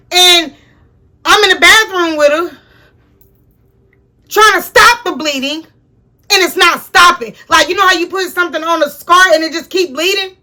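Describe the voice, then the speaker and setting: A young woman telling a personal story to her viewers in a casual, profane, animated way. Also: extremely high pitch. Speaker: storyteller host.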